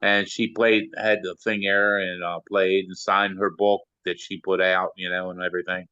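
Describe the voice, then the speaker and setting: A man's voice: low-pitched, level tone, normal speed, sharp tone, smooth, no echo, dull audio. Rambling older man telling stories. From Maryland. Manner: rambling, full of "you know" fillers. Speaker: interview guest, sound engineer. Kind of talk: casual storytelling.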